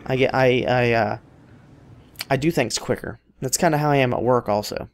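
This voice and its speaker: A man's voice: medium pitch, moderate pace. A man casually commenting on his own gameplay, rambling and joking as he talks to the characters on screen. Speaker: let's play host.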